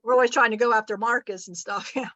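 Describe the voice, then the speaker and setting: A woman's voice: on the high side, fairly even intonation, fast, fairly bright tone. A woman giving a rambling, chatty spiritual teaching and laughing often. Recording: muffled lo-fi recording.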